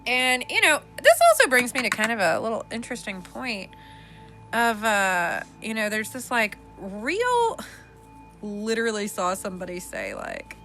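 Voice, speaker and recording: A young adult woman hosting a casual podcast, sassy and animated, laughing often. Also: a little high, unhurried, faint music behind. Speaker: podcast host.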